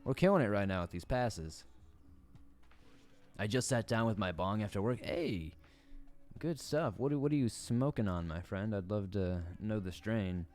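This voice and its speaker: Laid-back male game streamer from the Southern US; low, smooth voice, joking commentary. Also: moderate pace, darkish tone, faint music behind. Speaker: gaming streamer. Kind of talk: casual gaming commentary.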